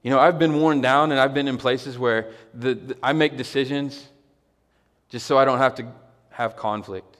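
A man's voice: mid-range voice, fairly even intonation, moderate pace, a bit bright, in a large hall. A male pastor preaching a sermon to his congregation, talking conversationally and building to emphatic, repeated exclamations. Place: church hall with a congregation.

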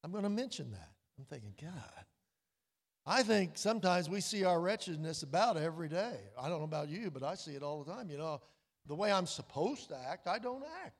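Man, pastor, sermon, folksy storytelling, fairly high voice, long hall reverb. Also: animated. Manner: folksy storytelling with quiet, drawn-out emphasis.

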